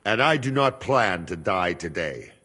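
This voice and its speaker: An actor playing a steady, loyal guard who speaks in a calm, firm, measured way. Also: male voice, low-pitched, big-room sound, heavily acted. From Hungary.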